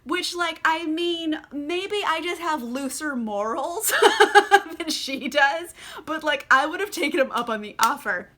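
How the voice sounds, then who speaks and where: A young woman with a bright, forceful voice pitched a bit high talks casually over a glass of wine. She is chatty and sarcastic, and scatters "like" through every sentence. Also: lively intonation, a little slow. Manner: chatty and sarcastic, heavy use of "like"; drinking wine while talking. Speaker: book vlogger. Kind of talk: casual chat.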